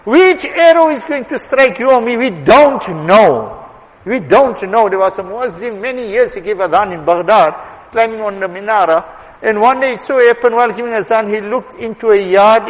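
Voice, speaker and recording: A man preaching a sermon with emphatic exhortation, dropping to quiet asides and rising to forceful appeals. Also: high-pitched. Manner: emphatic, swings between soft asides and raised exhortation. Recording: long hall reverb.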